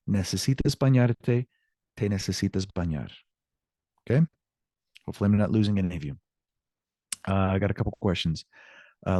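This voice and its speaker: In a recorded online class, a man teaches Spanish, patiently explaining grammar, checking in with students often and answering their questions aloud. His voice is lowish and darkish, captured clean in a studio with no echo.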